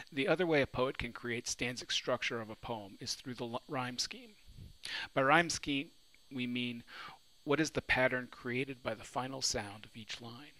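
In New Orleans, a male literature teacher gives a recorded lecture on poetry, asking his students questions and answering them himself. His voice is medium-pitched and sharp, and the recording quality is low.

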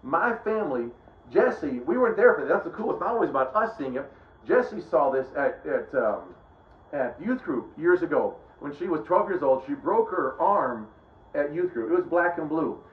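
A middle-aged man giving a casual, rambling Bible teaching, often breaking off and restarting his sentences. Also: on the high side. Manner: rambling, conversational, self-interrupting. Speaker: preacher. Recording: roomy, dull lo-fi sound.

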